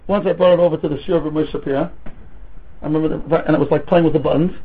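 A man, a rabbi teaching a Talmud class, lecturing with rhetorical questions and stories in an animated way, mixing Hebrew and Yiddish terms into his English. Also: on the high side, very fast, slightly rough. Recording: tinny phone-like recording.

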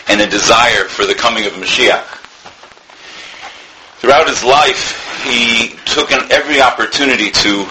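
A man's voice: mid-range voice, sharp tone, slight background noise, poor audio. A man giving an earnest Torah talk as a rabbi, telling a story and sprinkling in Hebrew and Yiddish words.

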